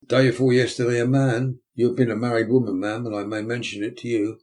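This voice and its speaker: A man's voice: mid-range voice, level tone, quick pace, darkish tone, lightly acted. A man voicing a pompous, self-important male parish beadle, blustering and indignant.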